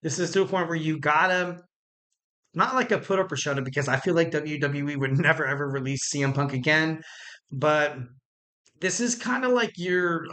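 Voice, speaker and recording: A man hosts his wrestling podcast solo, his voice bright and a touch high for a man. He rambles in a loose, joking way, full of fillers and quick self-corrections. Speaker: podcast host. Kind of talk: casual wrestling podcast monologue.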